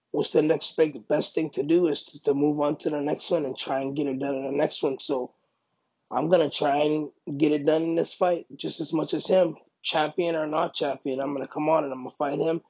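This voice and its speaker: Gravelly, husky fighter talking fast and loose. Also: male voice, fairly high pitch, dry recording, lo-fi sound. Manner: emphatic, repeats himself, bursts into loud excited quoting. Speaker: UFC fighter being interviewed. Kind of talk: casual interview talk.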